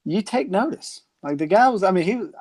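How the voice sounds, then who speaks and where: Excitable man, slightly higher voice. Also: brisk. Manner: excitable, interjecting and teasing. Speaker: podcast co-host. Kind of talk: casual storytelling chat.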